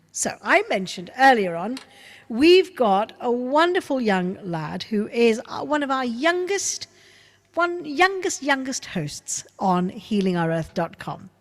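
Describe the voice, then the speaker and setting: A woman hosting an online show over a video call, chatting warmly and gushingly with a young guest. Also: medium pitch, in a large hall. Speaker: host. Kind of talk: casual chat on a video call.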